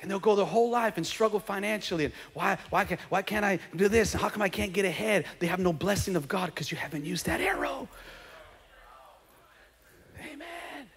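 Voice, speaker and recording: High-voiced pastor preaching a sermon. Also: male voice, lively intonation, a little fast, husky, in a large hall. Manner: swings from quiet conversational asides to shouted preaching; acts out comic voices of churchgoers. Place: church sanctuary.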